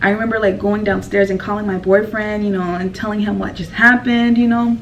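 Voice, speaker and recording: A woman's voice: medium pitch, little pitch movement, brisk, far from the mic, a little hiss or hum, rough recording. A woman telling a personal story in a casual vlog, rambling and emotional with lots of fillers.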